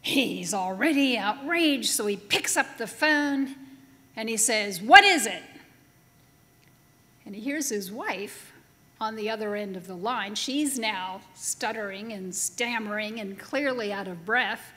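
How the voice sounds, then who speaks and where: Slow, deliberate woman preacher in a chapel. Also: medium pitch, pushed and bright. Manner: storytelling with humor, slow and deliberate. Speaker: pastor. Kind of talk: sermon. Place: large chapel. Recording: long reverb of a chapel hall.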